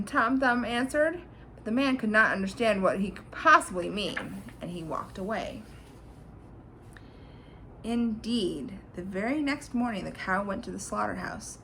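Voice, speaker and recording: A woman reading a storybook aloud to a child, animated and pointing out the pictures as she goes. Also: a little high, normal speed, a little hiss or hum, rough recording.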